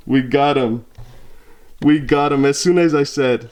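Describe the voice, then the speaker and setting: A young American man at a mid pitch talks casually to his viewers. He laughs often, sounds exasperated and rambles, with many fillers and repeated phrases. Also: unhurried, darkish tone. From United States. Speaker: YouTuber. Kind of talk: casual vlog talk to camera.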